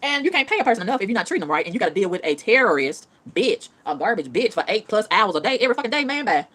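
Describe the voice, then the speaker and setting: A vlogger fires off a profane rant at top speed, repeating lines for emphasis. Her pitch swoops up and down with lively energy, and the delivery is unscripted and casual.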